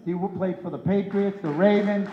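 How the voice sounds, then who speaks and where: A man's voice: sits high, fairly even intonation, normal speed, reverberant, long reverb tail, muffled recording, a little hiss or hum. A man hosting a breakfast event as emcee, introducing the head table with playful teasing jokes. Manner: playful, teasing, punchline timing. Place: hotel ballroom event.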